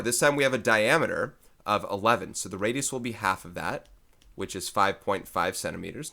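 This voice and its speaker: A man's voice: on the low side, creaky, bright, forceful tone. A man teaching a recorded math lesson in a casual way, thinking aloud and correcting himself as he works through problems.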